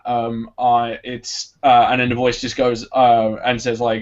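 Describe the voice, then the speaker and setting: A man's voice: mid-range voice, fairly even intonation, moderate pace. A man, chatting on a podcast about a game he enjoys, hesitant and full of restarts. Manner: rambling, hesitant, lots of ums and restarts. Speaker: podcast co-host. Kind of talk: casual chat reviewing a game. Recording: dull lo-fi podcast audio.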